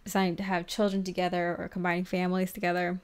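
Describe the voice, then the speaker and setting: Smooth-voiced giggly woman reading tarot. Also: lowish voice, completely flat delivery, fast. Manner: chatty and giggly, heavy use of "like". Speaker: tarot reader. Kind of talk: casual pick-a-card tarot reading.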